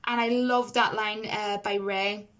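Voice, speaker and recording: A woman's voice: mid-range voice, fairly even intonation, measured pace, fairly bright tone. A woman giving a casual, rambling film review to camera. She talks emphatically and uses a lot of fillers.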